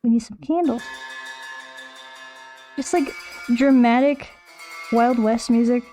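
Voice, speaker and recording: A woman's voice: a little high, steady tone, takes it slowly, mellow, soft background music. Chatty, playful young woman streamer. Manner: chatty and playful, rambling with frequent restarts. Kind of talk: casual stream chat while drawing.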